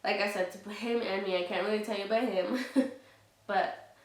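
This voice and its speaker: An outspoken woman talks straight to her viewers in a loose, unscripted vlog, blunt and fired up, with the odd curse. Her voice sits at an ordinary middle pitch. It sounds roomy, as if she sits back from the mic. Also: steady tone, normal speed, distant mic. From Latina heritage. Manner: frank and heated, swears freely, many fillers like "you know". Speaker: vlogger. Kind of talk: casual candid vlog talk.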